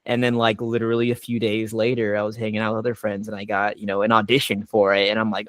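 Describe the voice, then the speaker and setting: Young man, voice actor, casual animated storytelling, dry recording. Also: lowish voice, quick pace, hardly any pauses, dry recording. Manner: animated, filler-heavy retelling. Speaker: voice actor on a panel.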